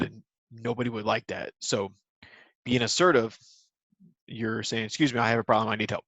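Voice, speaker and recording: A man's voice: fairly low pitch, a bit bright, dry recording, poor audio. A man teaching a recorded lesson to young children, patient and simple in his wording, with many ums.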